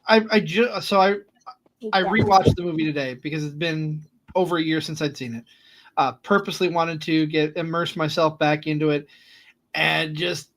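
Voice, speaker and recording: A man chatting casually at a round table, earnest, with hesitant restarts and frequent throat-clearing. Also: a little high, low-quality recording.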